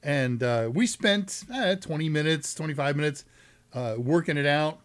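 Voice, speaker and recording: Chatty Texan man, slightly high voice. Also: normal speed. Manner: rambling and jokey, with asides and self-corrections. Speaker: host of a live tech Q&A stream. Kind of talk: casual live-stream chat.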